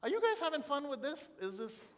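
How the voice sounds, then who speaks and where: A man's voice: extremely high pitch, brisk, very noisy. A middle-aged man giving a live motivational talk, telling stories with humor and feeling. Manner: expressive, storytelling, humorous. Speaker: motivational keynote speaker.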